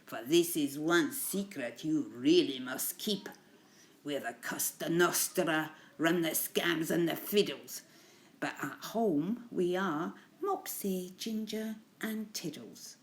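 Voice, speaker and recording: A woman's voice: sits low, slow pace. A woman putting on swaggering Italian mafia cats. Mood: boastful menacing. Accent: put-on Italian. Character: swaggering gangster mafia cats, male gang.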